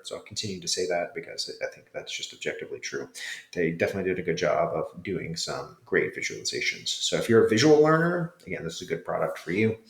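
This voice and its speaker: A man in his thirties with a fairly low voice talks through a review in a relaxed, thinking-aloud way, pausing on fillers as he goes. He sounds like an instructor explaining things to his students. The recording has a roomy echo around him. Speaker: jiu jitsu instructor reviewing a course. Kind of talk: casual spoken review.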